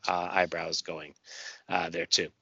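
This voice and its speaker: A man's voice: low-pitched, flat delivery, measured pace, gravelly, sharp tone, dull audio. A man casually recapping a comic book story, with many fillers and acted lines. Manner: reads dialogue in voices, many fillers. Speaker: podcast host reading a comic aloud.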